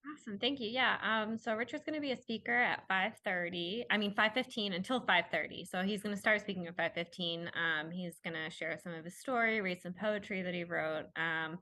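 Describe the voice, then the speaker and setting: A woman with a bright, crisp tone and a slightly low pitch speaks as an event organizer on a talk show. She sounds upbeat and lays out details step by step, using frequent fillers. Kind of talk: casual talk show conversation.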